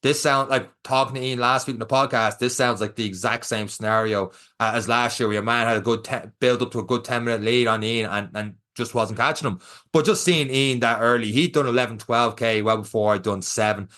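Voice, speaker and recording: A man's voice: medium pitch, a little fast. A young Irish man co-hosting a podcast, telling a race story in casual chat and acting out what people said. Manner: animated storyteller, acts out quotes. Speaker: podcast co-host.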